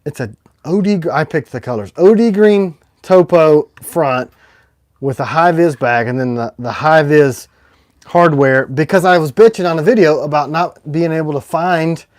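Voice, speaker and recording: A man hosting a casual livestream, rambling and excitable, with sudden swings between loud and quiet. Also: on the high side, moderate pace, dry recording, clean studio sound. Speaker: knife maker hosting a livestream.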